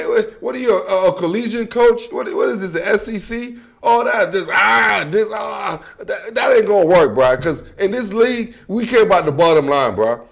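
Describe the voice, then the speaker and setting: A man with a notably high voice delivers a casual sports rant straight to camera. He talks bluntly and with heat, using loose slang and repeating filler like "man" and "bro" at the end of lines. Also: vocal fry. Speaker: football commentator.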